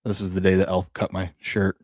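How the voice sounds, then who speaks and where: Laid-back low-voiced dad telling stories. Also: male voice, completely flat delivery, brisk, darkish tone, husky, no room sound, studio quality. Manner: laid-back storyteller, laughs a lot. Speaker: co-host. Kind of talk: casual sports show chat.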